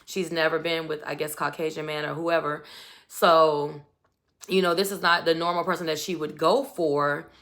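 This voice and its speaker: A woman's voice: sits low, little pitch movement, moderate pace, a bit bright. A woman giving a casual, chatty recap of a reality show, telling it expressively with lots of asides. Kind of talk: casual commentary.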